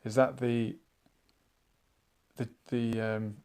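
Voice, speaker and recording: A man hosting a live online chat show, musing out loud and reading viewers' comments aloud in a casual, thinking-aloud way. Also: mid-range voice, level tone, drawn-out words, clear, resonant tone. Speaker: livestream chat host.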